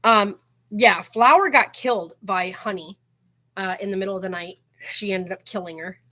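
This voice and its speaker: A woman's voice: medium pitch, moderate pace, fairly bright tone. A woman hosting her own channel, telling stories in a casual chat and filling her sentences with "like". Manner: chatty storyteller, heavy use of "like", laughs while telling. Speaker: channel host.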